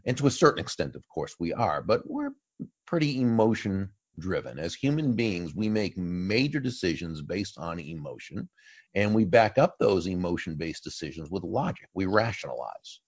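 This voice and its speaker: A man with a very low voice talks through his answers as an interview guest, pausing and restarting as he thinks. The sound is dry and a little dull, like a lo-fi remote line. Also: sing-song, breathy edge, dry recording. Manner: thoughtful, speaks in long pauses and restarts. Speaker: interview guest, author and speaker. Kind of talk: storytelling conversational answers.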